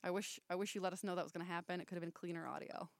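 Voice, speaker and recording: A woman's voice: fairly low pitch, steady tone, racing, vocal fry, slight background noise. A young woman co-hosting a casual chat with friends, blunt and teasing, swearing freely. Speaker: podcast co-host.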